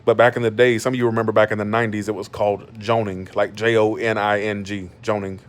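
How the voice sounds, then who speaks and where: A man's voice: on the low side, level tone, fast talker. A man in his thirties from Georgia, ranting bluntly to his stream audience from his bed, with many restarts. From Georgia, USA. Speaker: YouTuber. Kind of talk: casual monologue on a live stream. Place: in bed at home.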